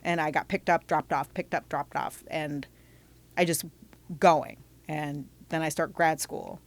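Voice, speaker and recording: A woman, a podcast guest, candidly telling her life story in conversation with animated asides and restarts. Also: deep voice, measured pace, vocal fry.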